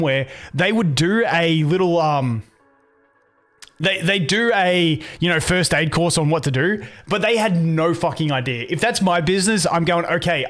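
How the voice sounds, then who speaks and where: A man's voice: a little high, fairly bright tone. A young man streaming, chatting casually with viewers and telling rambling stories full of swearing. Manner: swears a lot, rambling storytelling with restarts. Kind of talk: casual live-stream chat.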